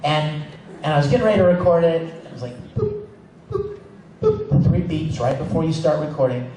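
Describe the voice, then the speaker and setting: A man tells stories on a convention panel, his animated, emphatic delivery often breaking into laughter. His voice sits a little high for a man. He is picked up from far off in a big echoing hall, with clear room noise behind. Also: fast talker. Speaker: voice actor, convention panel guest. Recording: echoey hall recorded from far off.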